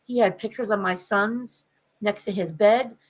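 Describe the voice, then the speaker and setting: A woman's voice: medium pitch, a little slow, poor audio. A woman on a podcast telling a candid family story in a casual, conversational way, with frequent fillers. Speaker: podcast co-host.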